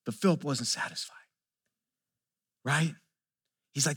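High-pitched pastor guy preaching, earnest, throws rhetorical questions at the crowd, stumbles on repeated words. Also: lively intonation, a little slow, fairly bright tone. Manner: earnest, repeats words when building a point; asks the listeners rhetorical questions. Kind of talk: sermon.

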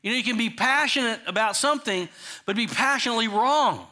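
A man's voice: very high voice, expressive, brisk, bright, forceful tone. A man preaching a sermon in a conversational way, often restarting and asking the congregation questions. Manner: frequent restarts and "you know" asides. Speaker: pastor.

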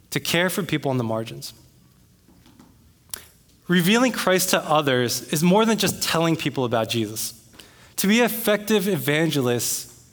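A man preaching a sermon as pastor, talking in a conversational way and becoming animated when he retells an argument. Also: on the high side. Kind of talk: sermon with personal story. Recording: long reverb of a hall.

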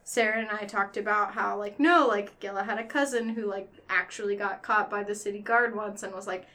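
A woman's voice: mid-range voice, steady tone, brisk, pushed and bright. A woman tabletop player chatting casually, filling her talk with "like". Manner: chatty, lots of filler "like". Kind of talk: casual podcast chat.

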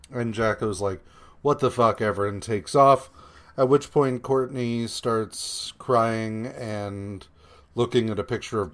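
A man hosting a podcast and recapping comic issues in an unhurried, rambling way. He fills his talk with ums and uhs, swears freely, and sums up the characters' lines with dry sarcasm. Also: fairly low pitch. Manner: meandering, profane, many fillers and hesitations; paraphrases characters in a flat, sarcastic retelling. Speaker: podcast co-host. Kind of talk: casual comic-book recap chat.

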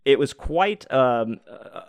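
A man's voice: medium pitch, lively intonation, takes it slowly, dry recording. A man hosting a podcast, telling a story in a casual, profane, laid-back way and laughing often. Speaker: podcast host.

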